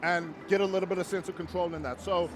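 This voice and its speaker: Fast-talking man co-host. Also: high voice, steady tone. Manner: enthusiastic, quick affirmations. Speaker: co-host, former rugby player. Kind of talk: pre-match show chat. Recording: music behind at outdoor stadium.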